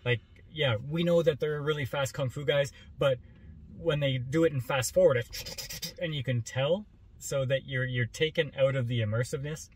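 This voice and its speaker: A man co-hosting a movie review chat, speaking in a laid-back, halting way with many restarts. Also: medium pitch, slightly rough.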